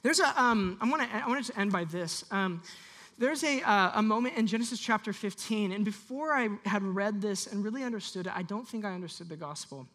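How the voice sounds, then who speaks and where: A pastor preaching to a church congregation, animated and leading the room in call-and-response. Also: mid-range voice, brisk. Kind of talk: sermon.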